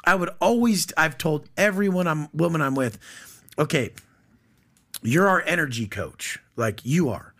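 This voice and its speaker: A man's voice: a little high, animated, measured pace, fairly bright tone. A man talking as a podcast guest in casual conversation, blunt, profane and boastful.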